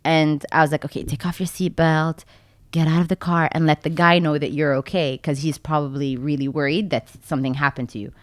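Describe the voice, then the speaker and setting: A young woman guest on a podcast, telling a story in a casual, animated way and acting out what people said. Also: a little fast, no room sound, clean studio sound. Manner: animated, acts out her own quotes in a much higher voice.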